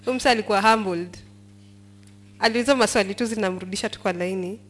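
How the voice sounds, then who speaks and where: A fast-talking woman with a mid-range voice leads a Bible study, reading verses aloud and explaining them. She mixes English and Swahili, quizzes the group, and prompts them to finish lines.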